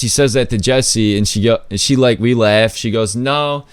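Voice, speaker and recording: A man's voice: moderate pace, few pauses, smooth, dry recording. Laid-back man telling a story. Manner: loose, filler-heavy talk with lots of "like" and swearing; acts out quoted people with jumps in pitch. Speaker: podcast host. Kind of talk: casual storytelling.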